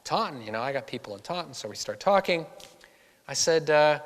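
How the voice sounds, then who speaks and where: An author from the Boston area gives a public storytelling talk in a church hall, acting out the voices of the people he quotes with lively energy. His voice is fairly high and a little fast, and the recording carries a long hall reverb.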